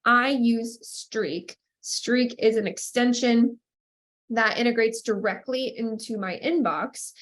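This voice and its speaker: A woman in her thirties hosting a podcast, sounding nasal and stuffed up from a cold, giving upbeat coaching tips. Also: a little high. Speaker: podcast host. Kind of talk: scripted intro, then casual solo talk.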